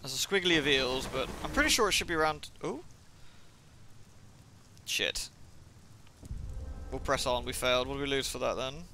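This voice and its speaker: A man's voice: mid-range voice, fast talker, few pauses, noisy background. A man live-streaming a game, muttering casual commentary, swearing at setbacks and reading the game's text aloud. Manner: muttering, swears when things go wrong.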